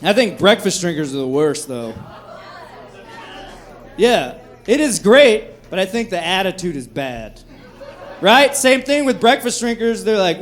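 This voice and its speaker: This is a live recording of a thirties-aged comic's brash, profane stand-up set at a comedy club, with the crowd laughing in the background. His voice is high-pitched and unhurried, broken up by frequent pauses, and he delivers everything in an animated way.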